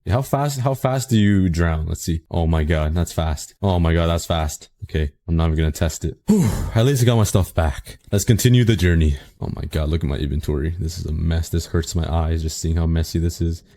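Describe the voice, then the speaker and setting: A young man commentating his Minecraft run, excitable and self-mocking, jumping to sudden panicked shrieks. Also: deep voice, fairly quick, hardly any pauses. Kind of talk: casual gameplay commentary.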